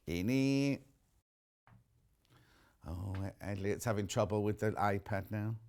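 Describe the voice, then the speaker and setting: A man's voice: on the low side, flat delivery, normal speed, creaky. A man with a British accent presenting live on a TV shopping channel, chatting casually and reading out viewer messages. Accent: British English. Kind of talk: live TV sales chat.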